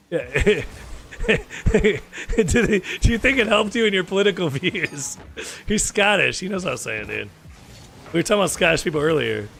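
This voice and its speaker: A man from the United States chatting through a gaming stream at his desk mic, jokey and bantering, jumping from loud outbursts to low mutters. His voice sits a bit high and carries a gravelly fry. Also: slight background noise. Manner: joking, bantering, quick swings between loud excitement and low mumbling. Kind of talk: casual gaming chat with viewers.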